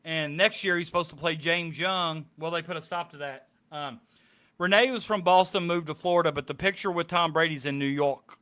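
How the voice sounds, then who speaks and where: A man's voice: on the high side, steady tone, a little fast, bright, forceful tone. A man chatting casually on a streamed podcast, rambling with many ums. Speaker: podcast co-host. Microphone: streaming mic.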